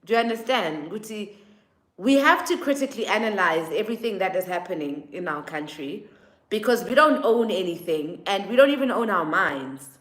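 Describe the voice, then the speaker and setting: A South African woman vlogging a casual opinion monologue, animated and mimicking others in exaggerated quotes. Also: medium pitch, normal speed. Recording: echoey room.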